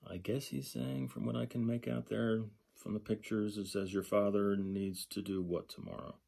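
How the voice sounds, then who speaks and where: Male instructor, low mellow voice, unhurried, thinks aloud through textbook examples. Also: steady tone, creaky. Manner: slow, thinking aloud, repeats example glosses. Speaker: sign language instructor. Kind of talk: lecture walking through a textbook.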